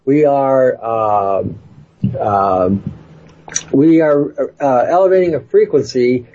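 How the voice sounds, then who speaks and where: A man's voice: medium pitch, slow, mellow, dull audio. A man hosting a show, rambling in a folksy, casual way. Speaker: show host. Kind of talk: casual chat.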